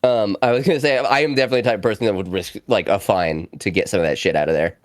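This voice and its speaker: A man chatting casually on a stream, animated, swearing freely and laughing often. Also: lowish voice, very fast, no room sound, clean studio sound. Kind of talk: casual chat.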